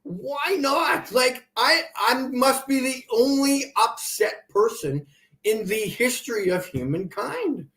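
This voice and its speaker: A man's voice: very high voice, lively intonation, takes it slowly, a bit bright, a little hiss or hum. A man hosting a livestream, ranting sarcastically and with exasperation as he answers viewers' comments. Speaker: livestream host. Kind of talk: ranting live stream commentary.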